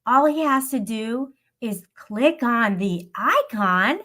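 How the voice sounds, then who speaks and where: A woman's voice: a little high, animated, slow, a bit bright. A woman livestreamer venting to her live chat, upset and swearing in an aggrieved rant. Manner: aggrieved, profane ranting.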